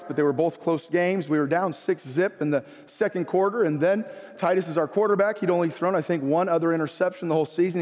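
Male pastor, high-pitched, impassioned sermon delivery, church hall reverb. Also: darkish tone. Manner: impassioned, rising to high emphatic preaching.

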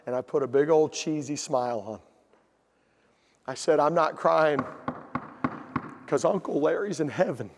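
A man preaching a sermon, telling a family story and building to shouted emphasis. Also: fairly high pitch, a little slow, long pauses, in a large hall, noisy background. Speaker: pastor. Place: church hall.

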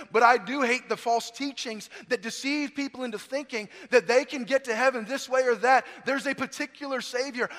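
A middle-aged male pastor preaching in a high, bright voice, swinging between ringing emphasis and near-whispered lows. His words carry a long church reverb. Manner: preaching with sweeping swings in volume, from near-shouts to hushed lows. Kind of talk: sermon. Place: church sanctuary.

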